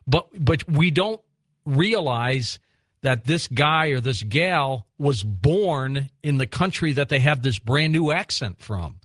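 A man hosting a late-night call-in radio show, talking in a relaxed, conversational way. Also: medium pitch, no room sound. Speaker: radio talk show host.

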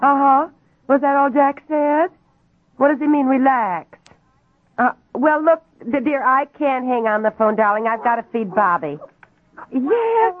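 A woman's voice: high-pitched, expressive, a little slow. An actress playing a chatty, doting young wife and mother talking on the phone, in 1950s radio acting style. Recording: tinny old radio broadcast recording.

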